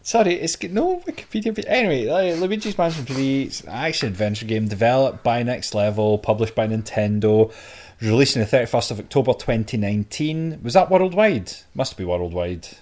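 A man's voice: medium pitch, animated, fairly quick, a little mellow. A man appearing as a guest on a podcast, chatting in an easygoing, self-deprecating way. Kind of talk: casual chat.

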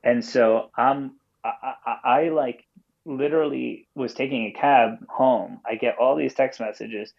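A man's voice: medium pitch, steady tone, a little slow, gravelly. A man calling in as a podcast guest and telling a story casually, rambling with lots of fillers and swearing. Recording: dull call-in audio.

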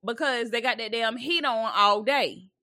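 A young woman co-hosting a comedic podcast, talking animatedly and teasing as she imitates older relatives. Her voice is bright and clear and sits fairly high. The sound is close and dry. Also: a little slow, dry recording. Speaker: podcast co-host. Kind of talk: casual comedic chat.

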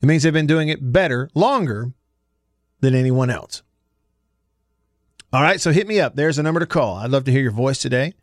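A man's voice: mid-range voice, expressive, normal speed, long pauses, no echo, studio quality. A man in his forties from Alabama with a Southern accent, hosting a sports radio show and telling stories in a chatty way, laughing often. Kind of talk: casual sports radio talk.

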